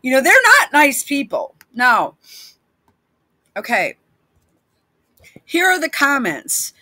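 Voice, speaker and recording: A woman's voice: medium pitch, expressive, slow pace, bright, forceful tone, no echo. A woman vlogger giving rambling, blunt commentary over video clips, with many restarts and frequent swearing. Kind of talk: casual commentary while playing clips.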